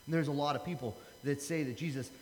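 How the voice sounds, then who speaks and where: A man's voice: a little high, fairly even intonation, fast, a little mellow, slight background noise. A man in his thirties preaching a casual, conversational sermon, acting out the Bible dialogue. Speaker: pastor. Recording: long hall reverb.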